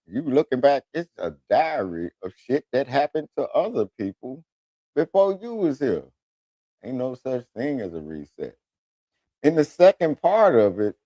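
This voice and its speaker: Brief: male radio host, lively swinging pitch, dry close-mic sound, profane comic storyteller. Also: no echo. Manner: animated storytelling, switches into voices of others. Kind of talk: profane comedic monologue.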